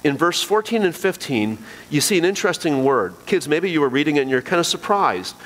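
Slightly high and sing-song, a man's brisk, somewhat bright voice delivers a sermon. As pastor, he speaks straight to his congregation with earnest, emphatic repetition of key phrases, echoing in a long hall reverb.

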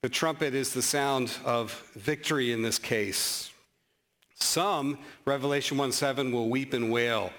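A man preaching a sermon as pastor, animated, with sudden rises in pitch and slow, emphatic scripture reading, plus some self-deprecating humor.

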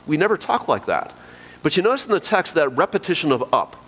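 A man's voice: fairly high pitch, sing-song, fast, fairly bright tone, husky. A man preaching a sermon to his congregation, earnest and emphatic, repeating key phrases. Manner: earnest, emphatic repetition, addresses congregation directly. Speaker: pastor. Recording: long hall reverb.

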